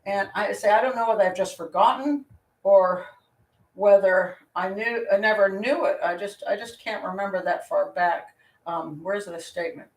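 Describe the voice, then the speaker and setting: A woman's voice: mid-range voice, normal speed. A woman hosting a live Q&A as a criminal profiler, talking casually in a blunt, opinionated way, rambling and restarting her sentences. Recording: roomy sound from a distant mic.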